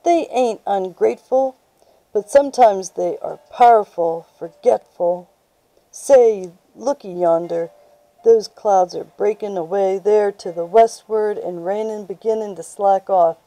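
A woman's voice: medium pitch, a little slow, mellow, dry recording, close to an everyday voice, rough recording. A woman reading a folksy old veteran. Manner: drawling rural dialect. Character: old male war veteran, folksy and kindly.

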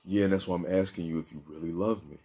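A man voicing a young woman caregiver who is anxious and scheming, talking in a hesitant, pleading way with a deep, dark voice. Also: fairly even intonation, fast, natural voice.

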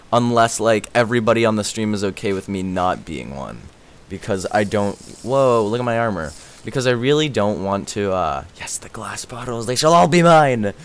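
A man streaming a game live, rambling excitedly, answering chat and thanking viewers as he plays. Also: lowish voice, smooth. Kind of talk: live gaming stream chatter.

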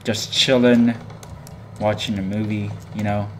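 A man's voice: lowish voice, little pitch movement, unhurried, a little hiss or hum, low-quality recording. A man hosting a horror game let's-play, nervously joking and pleading with the game in casual commentary. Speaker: gaming channel host.

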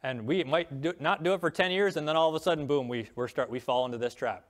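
Talking fast in a slightly high voice, a middle-aged man delivers an earnest sermon as a pastor. He reads passages of scripture aloud, and his voice rises on the important lines.

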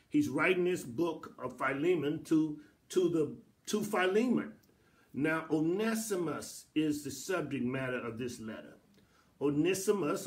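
A middle-aged man, a pastor, teaches Bible study inside a church sanctuary, his slightly high voice moving in a repetitive, preacherly rhythm that climbs to emphatic high points.

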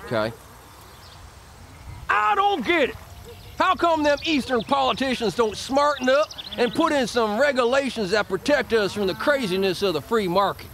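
Guy putting on a whiny texas-drawl rancher, high gravelly voice, grumbles on and on. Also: expressive, normal speed, a bit bright, a little hiss or hum, heavily acted. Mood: puzzled. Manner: folksy, complaining.

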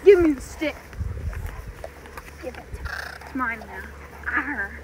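A woman's voice: high voice, expressive, takes it slowly, very noisy. A woman playfully teasing dogs outdoors, speaking from a distance off the mic. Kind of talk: casual chat with dogs. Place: outdoors in a yard.

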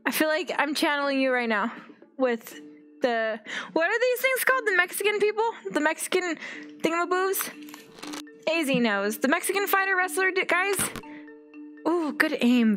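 A woman's voice: high-pitched, sing-song, moderate pace, long pauses, a bit bright, faint music behind. A young woman hosting a let's-play video, giving giddy, chatty commentary that breaks into squeals. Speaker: gaming video host.

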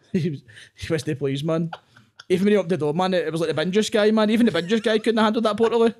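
A young Glaswegian man, a comedian guest on a podcast, telling rapid, sweary anecdotes and often breaking into laughter. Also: high-pitched, steady tone, a little mellow. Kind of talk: casual podcast chat.

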